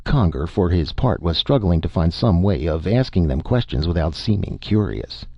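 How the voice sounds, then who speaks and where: A man reading a short story aloud as narrator, in a steady storytelling way. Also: low voice, normal speed, vocal fry, slightly rough, no room sound, lo-fi sound.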